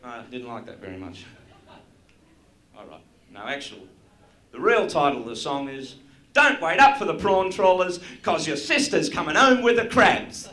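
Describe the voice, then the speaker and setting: Brash Australian stand-up man, high voice. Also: big pitch swings, normal speed, pushed and bright. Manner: crude, brash jokes aimed at the crowd. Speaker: stand-up comedian. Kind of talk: live stand-up routine. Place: stage in front of a live audience. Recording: roomy live venue recording with audience.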